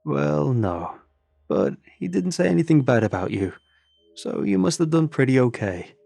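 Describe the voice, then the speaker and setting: A man's voice: mid-range voice, big pitch swings, moderate pace, creaky, mellow, no echo, voice pushed up, full character voice. A man voicing a friendly, easygoing Norwegian soldier with a Norwegian accent. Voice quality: easygoing, cheerful.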